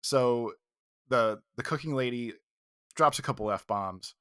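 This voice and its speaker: A man's voice: medium pitch, slow, clear, resonant tone, dry recording. Man telling a story, dry close mic. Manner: animated, profane retelling with quoted outbursts. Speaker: podcast co-host. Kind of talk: casual storytelling chat.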